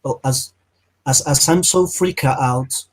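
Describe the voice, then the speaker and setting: A man playing in a tabletop roleplaying game, telling what his character does in excited, halting bursts. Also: medium pitch, slightly rough, low-quality recording. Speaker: player.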